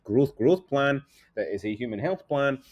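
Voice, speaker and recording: A man pitching his own campaign as an independent candidate, talking over slides in a loose, rambling way. He chuckles often and jokes at his own expense, and his pitch swings widely. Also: lively intonation, moderate pace, highs cut off. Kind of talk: casual talk over slides.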